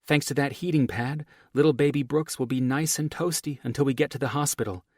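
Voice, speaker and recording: A male audiobook narrator voicing a capable woman who takes charge, with a cool, calm, encouraging manner. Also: mid-range voice, fairly quick, dry recording, studio quality, pitched above the performer's own voice, natural voice. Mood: coaching calmly. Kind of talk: audiobook character voice.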